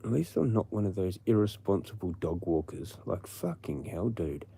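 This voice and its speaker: Brief: Australian man, livestream host, low mellow voice, rambling profane rant. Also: expressive, normal speed, vocal fry, breathy edge. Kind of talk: late-night casual rant.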